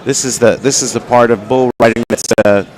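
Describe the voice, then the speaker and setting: A man's voice: mid-range voice, steady tone, brisk, darkish tone. A man with a Southern US accent giving folksy, rambling live commentary at an outdoor bucking bull event. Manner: folksy, rambling, lots of fillers. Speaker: livestream commentator.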